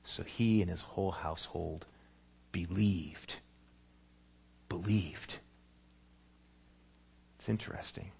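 A man's voice: low-pitched, fairly quick, creaky, few pauses, husky. A male pastor preaching a sermon, telling a story vividly and acting out its scenes. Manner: animated storytelling, acts out scenes.

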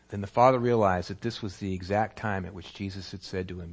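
A man's voice: fairly low pitch, a little fast, husky. A male pastor preaching a sermon, telling a story vividly and acting out its scenes. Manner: animated storytelling, acts out scenes.

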